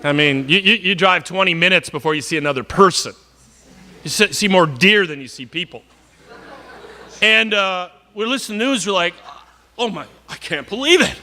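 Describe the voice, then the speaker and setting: A man from northern Wisconsin preaches a sermon in a higher voice with a sharp tone at a moderate pace. He is earnest and conversational, often repeating words and slipping in jokey asides.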